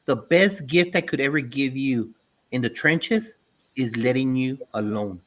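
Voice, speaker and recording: Bright, emphatic male co-host. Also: mid-range voice, unhurried, a little hiss or hum. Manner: emphatic, folksy sayings. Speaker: podcast co-host, school administrator. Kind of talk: casual conversational talk.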